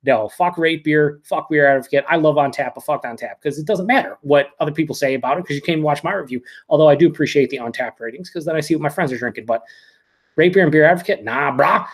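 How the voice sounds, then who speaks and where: A man hosting a live beer review, ranting excitedly with plenty of swearing and reading viewer comments aloud. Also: on the high side, fast. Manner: excited, profane and rambling. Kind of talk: casual live-stream rant.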